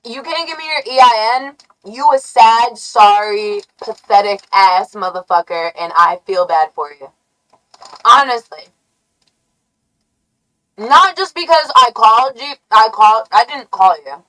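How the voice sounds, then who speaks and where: Brief: unhurried woman streamer, a bit high-voiced, brash and mocking. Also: fairly bright tone, low-quality recording. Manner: brash, taunting, profane. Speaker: live streamer. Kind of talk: rambling livestream rant.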